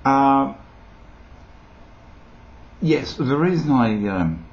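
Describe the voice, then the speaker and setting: A man's voice: medium pitch, lively intonation, drawn-out words, muffled recording. An older Australian man with an Australian accent, rambling playfully and eccentrically to his webcam at home. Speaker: vlogger. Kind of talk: casual talk to webcam.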